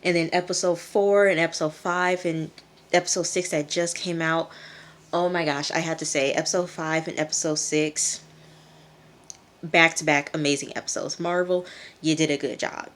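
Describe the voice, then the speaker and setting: A woman's voice: low voice, steady tone, normal speed. A woman reviewing a TV episode in a casual vlog, chatty and loose, acting out characters' lines in a raised voice.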